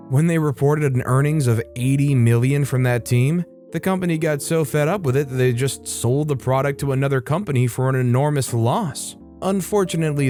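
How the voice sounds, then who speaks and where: A man's voice: mid-range voice, mellow. A man hosting a show where he reads online stories aloud, in a casual, conversational way with wry asides. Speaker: host reading online stories. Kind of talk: story narration with commentary. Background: faint guitar music.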